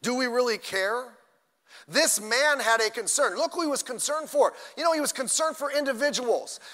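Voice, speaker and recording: Older preacher, high bright voice. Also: male voice, lively intonation, normal speed, long reverb tail. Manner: conversational preaching with asides and sudden loud bursts. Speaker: pastor. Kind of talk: sermon. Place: church sanctuary.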